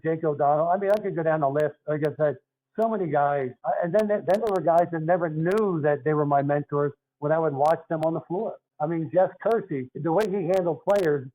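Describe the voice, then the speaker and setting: Older man, philadelphia accent, slightly high voice, earnest storyteller, dull lo-fi sound. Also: a little fast. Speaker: guest, retired basketball referee. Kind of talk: casual interview talk.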